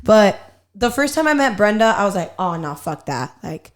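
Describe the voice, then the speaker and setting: A young woman hosting a podcast, telling a family story in a casual, animated way and swearing freely. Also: medium pitch, moderate pace. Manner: animated, profane storyteller, quotes herself and others. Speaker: podcast host.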